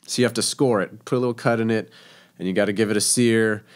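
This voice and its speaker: A man's voice: on the low side, fairly even intonation, quick pace. A man, a professional chef from Texas, telling stories in a casual interview, chatty and laughing, with many fillers.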